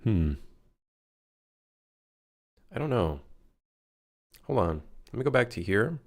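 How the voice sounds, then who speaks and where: Man, casual live-stream commentary, low gravelly voice, excitable, swears a lot. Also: slow pace. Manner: excitable, swears and jokes while working. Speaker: game developer streaming.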